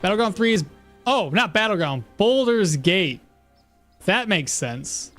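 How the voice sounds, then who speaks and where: A man's voice: high voice, big pitch swings, unhurried, fairly bright tone, soft background music. A man giving casual, rambling gameplay commentary as a streamer, often laughing at himself. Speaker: game streamer.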